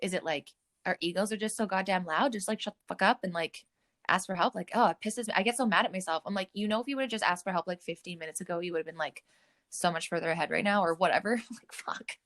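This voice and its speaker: A woman's voice: fairly low pitch, quick pace, a bit bright. A young adult woman hosting a podcast, chatting candidly, swearing freely and laughing often. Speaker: podcast host. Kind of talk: casual podcast chat.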